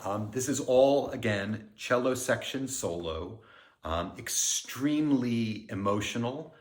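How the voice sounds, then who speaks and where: A middle-aged man, a music director, giving a pre-concert talk and explaining the music in an unhurried, friendly lecturing way. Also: medium pitch, expressive. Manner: explanatory, counts beats aloud and sings themes. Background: piano.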